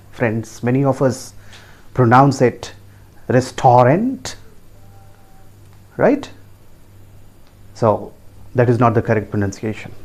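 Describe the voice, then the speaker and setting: A man with an Indian English accent gives a pronunciation lesson in a warm, mellow voice. He spells words out letter by letter and repeats each key word. He keeps checking in with his listeners through bright, rising questions. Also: mid-range voice.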